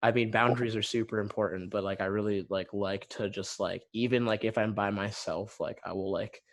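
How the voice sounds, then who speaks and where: A man's voice: fairly low pitch, steady tone, brisk. A man guest artist talking casually on a video call, rambling with lots of filler words. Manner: rambling, heavy use of "like" fillers.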